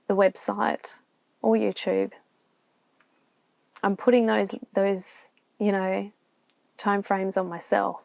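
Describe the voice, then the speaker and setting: A woman's voice: mid-range voice, level tone, takes it slowly, vocal fry, long pauses, a little mellow, no echo. An Australian woman vlogging alone from a campground, talking openly and reflectively with many restarts, emotional at times. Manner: open, reflective, rambling with restarts. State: near tears at times. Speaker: van life vlogger. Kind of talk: candid solo vlog to camera. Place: campground, inside a van.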